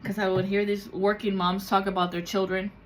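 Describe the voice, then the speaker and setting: A woman's voice: medium pitch, little pitch movement, a little fast, a little hiss or hum. A woman tarot reader talking raw and confessional in a personal vlog, swearing freely and slipping into the voices of people she quotes. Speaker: tarot reader and spiritual content creator. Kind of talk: candid emotional personal vlog.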